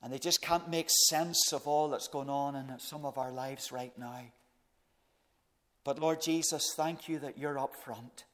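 A man preaching a sermon to his congregation, speaking deliberately and sometimes dropping to soft, hushed phrases. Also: on the high side. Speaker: pastor. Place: church service. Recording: long reverb of a large hall.

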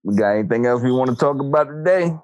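Man, podcast host, easygoing, laughs a lot, lively pitch, dry close sound. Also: quick pace, no room sound, dull audio. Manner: laid-back, laughs a lot, runs the segments. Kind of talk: casual podcast chat.

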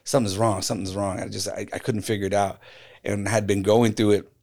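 This podcast guest is a middle-aged graffiti artist with a fairly low voice and a fairly quick pace. Chatting casually, he tells a story from his own life, bringing it alive by acting out the quoted voices of the people in it.

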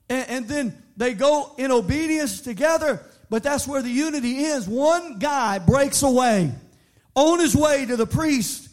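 A man preaching a sermon, moving from shouted sing-song appeals to quieter, conversational teaching with frequent restarts. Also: extremely high pitch. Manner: repeats words in restarts. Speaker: pastor.

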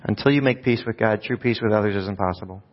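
A man's voice: on the low side, fast. Man preaching a conversational sermon, echoing hall. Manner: conversational, asks the congregation rhetorical questions. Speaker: pastor. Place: church sanctuary. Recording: dull sound with long hall reverb.

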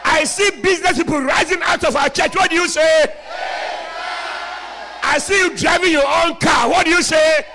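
A man preaching a sermon in a church, shouting lines and calling for responses from the congregation. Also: extremely high pitch, moderate pace, crowd noise.

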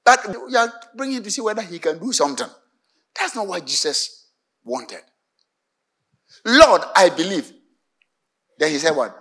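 A male pastor with a Ghanaian English accent delivers a sermon in a high, bright voice that leaps up and down in pitch. He speaks slowly and emphatically, often pausing to prompt the congregation to call back the missing word. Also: big pitch swings, breathy edge. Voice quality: emphatic, asks the congregation to fill in words.

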